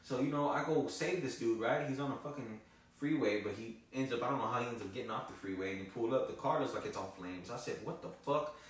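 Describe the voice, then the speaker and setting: A man's voice: medium pitch, fast. A man telling a story in a loose, profane, casual vlog style. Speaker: vlogger. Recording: echoey, from far off the mic.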